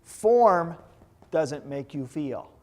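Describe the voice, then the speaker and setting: A man teaching a class on hypnotherapy in a lively way, joking now and then and putting questions to his audience. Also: on the high side, very slow. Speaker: hypnotherapy instructor. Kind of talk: lecture to a live class.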